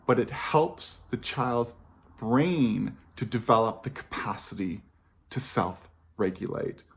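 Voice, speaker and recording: A parenting educator with a mid-range, creaky voice speaks earnestly to the camera. His talk is reflective, and he repeats key phrases to drive them home.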